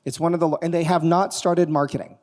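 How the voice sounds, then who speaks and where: Male keynote speaker, lively audience questions, voice rather high, long hall reverb. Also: fairly quick. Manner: animated, quizzing the audience. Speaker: conference speaker. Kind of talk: live keynote talk with demo. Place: conference hall on stage.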